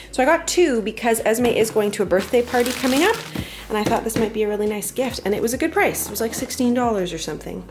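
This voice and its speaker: Brief: woman in her 30s, mom vlogger, chatty and candid, mid-pitched voice, faint music underneath. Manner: candid, chatty, lots of "like" fillers. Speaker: vlogger and mother. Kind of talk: casual family vlog chat.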